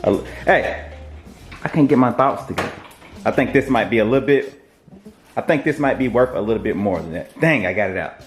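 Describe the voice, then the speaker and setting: Laid-back low-voiced man showing his haul. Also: fairly quick, faint music behind. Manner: laid-back, rambling, slangy. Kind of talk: casual haul video.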